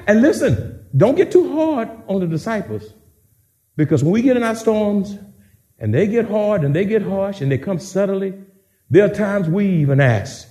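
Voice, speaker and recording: A man's voice: sits high, very animated, normal speed, mellow. A male pastor preaching a sermon with dramatic, repetitive call-and-response delivery.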